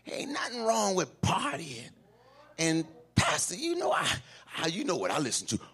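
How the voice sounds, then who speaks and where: A man's voice: high-pitched, wildly swooping pitch, moderate pace, a bit bright, breathy edge, full character voice. A man putting on the voice of a worldly churchgoer coaxing the pastor, casual and teasing.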